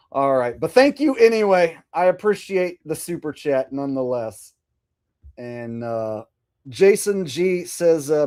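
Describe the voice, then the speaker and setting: Male stream host, casual and wry, slightly higher voice. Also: a little slow, long pauses. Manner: chatty, sarcastic, loose and animated. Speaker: livestream host. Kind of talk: casual commentary reading viewer super chats.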